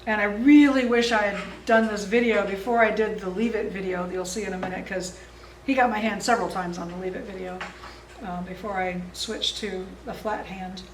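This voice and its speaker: A woman dog training instructor explains exercises at a seminar in a friendly, easygoing way, chuckling often. Her mid-range voice is brisk with fairly even intonation. The distant mic picks up a roomy sound and background noise.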